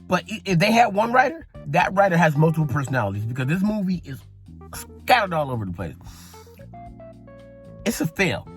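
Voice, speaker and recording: A man giving a casual, rambling movie review in a blunt manner and swearing freely. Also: a little high.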